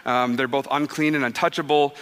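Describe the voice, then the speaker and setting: A man's voice: fairly quick, smooth. Male pastor preaching in a reverberant church. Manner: conversational, animated storytelling; drops soft and low for quoted words. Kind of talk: sermon. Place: church sanctuary. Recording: long reverb of a church hall.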